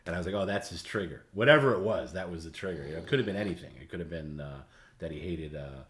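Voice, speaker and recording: A man with a very low, deep voice hosts a livestream and tells stories in a loose, casual way. He rambles, stops and starts, and repeats his words as he goes. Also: expressive, rapid-fire, fairly bright tone, slight background noise. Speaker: livestream host. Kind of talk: casual storytelling.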